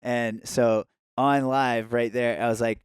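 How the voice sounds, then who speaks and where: A man with a smooth, resonant voice tells a story casually into a studio mic, swearing freely and padding his sentences with fillers. His pitch sits in the ordinary middle range, and the sound is close and dry. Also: level tone, takes it slowly, no room sound. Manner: profane, rambling, heavy with fillers. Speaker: podcast guest.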